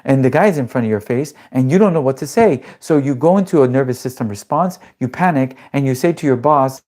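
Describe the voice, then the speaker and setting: A man coaching nervous system calm in a live-streamed class, talking emphatically and bluntly with casual swearing, and throwing questions out to his audience. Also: medium pitch, fairly quick, few pauses.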